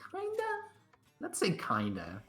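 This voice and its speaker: A man's voice: medium pitch, wildly swooping pitch, takes it slowly, pushed and bright, breathy edge, faint music behind. A man playing a tabletop game, hesitant and musing. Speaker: player.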